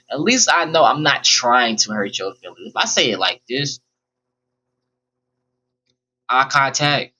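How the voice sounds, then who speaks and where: A man's voice: mid-range voice, bright, forceful tone, muffled recording. A young man rambling bluntly and profanely through a personal storytime vlog. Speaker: vlogger. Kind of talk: casual storytime monologue.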